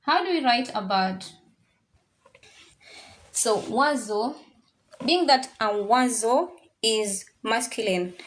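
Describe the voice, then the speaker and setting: A woman teaches French to a class, with a fairly high voice. She talks slowly and patiently, repeating each word several times so the students can follow. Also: slight background noise. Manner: slow, repetitive drilling of words; mixes in Swahili phrases. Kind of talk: classroom language lesson.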